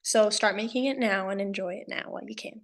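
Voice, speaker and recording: A woman's voice: mid-range voice, fairly even intonation, quick pace, vocal fry. A teenage girl from Idaho, a guest on a casual podcast, giving earnest, encouraging advice with casual fillers. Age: teens.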